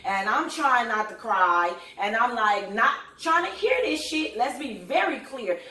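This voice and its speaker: A middle-aged woman hosting a casual talk, telling a family story in an animated, chatty way with lots of fillers. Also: medium pitch, distant mic. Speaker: host. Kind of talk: casual chat. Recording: echoey room, voice a bit off-mic.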